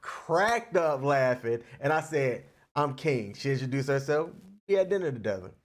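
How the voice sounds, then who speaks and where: A man's voice: medium pitch, animated, moderate pace. A young adult man co-hosting a casual relationship podcast, playful and joking, laughing often. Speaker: podcast co-host. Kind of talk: casual chat.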